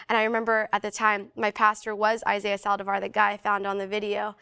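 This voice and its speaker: Her medium-pitched voice is smooth with vocal fry, and she talks fast with few pauses. She's a young adult woman guesting on an interview, animatedly recounting a personal testimony in casual storytelling style, peppering it with "like" and performing the voices of the people she quotes.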